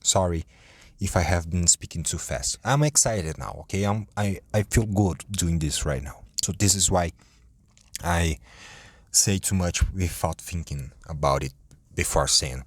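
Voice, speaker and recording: A man's voice: deep voice, no echo. A tired man rambling profanely on his own podcast, stumbling and restarting his sentences. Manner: rambling, profane, self-interrupting. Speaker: podcast host.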